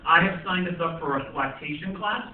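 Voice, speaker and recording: A man's voice: a little high, fairly quick, narrow, tinny audio, crowd noise, pitched below the performer's own voice, close to an everyday voice. A man putting on a bossy young wife. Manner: firm, lecturing, patronizing. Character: bossy, earnest young wife laying down rules. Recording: distant, echoey phone recording with audience.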